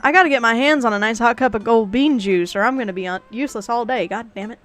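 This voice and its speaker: A woman's voice: on the high side, fast talker, fairly bright tone. A woman streamer reading a dating game aloud, playing the dad and narrating, with casual, wry asides.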